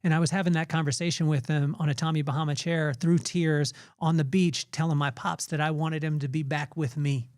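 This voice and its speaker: A man's voice: on the high side, little pitch movement, darkish tone, dry recording, clean studio sound. Tearful man in his forties reflecting. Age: 40s. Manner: heartfelt, halting with fillers and restarts. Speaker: podcast host. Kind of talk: personal reflective monologue.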